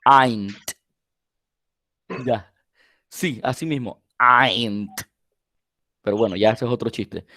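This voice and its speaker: A man whose first language is Spanish, teaching an English grammar class online, repeating example sentences slowly and quizzing his students. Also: medium pitch, bright, forceful tone, no room sound, clean studio sound. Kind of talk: live online class lecture.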